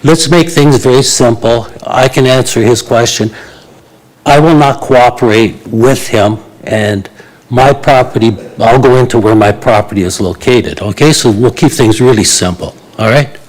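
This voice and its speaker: A man's voice: mid-range voice, moderate pace, rough recording. A man, addressing a town council as a local resident, blunt and indignant, with many hesitations. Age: 80s. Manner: blunt, indignant, with frequent uh fillers. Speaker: resident speaking at a public meeting. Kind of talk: public delegation to council.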